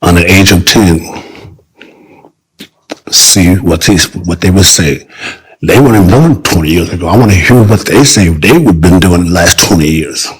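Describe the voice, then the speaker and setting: An older man talking as a guest in a casual interview, rambling with halting restarts and repeated phrases. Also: low voice, slightly rough, low-quality recording.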